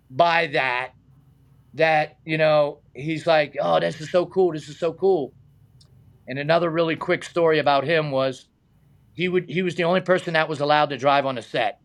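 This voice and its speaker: Gravelly-voiced man telling stunt stories. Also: a little high, normal speed. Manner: animated anecdotes, acts out quoted voices, laughs often. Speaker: stunt man and high diver, guest. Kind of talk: casual storytelling interview.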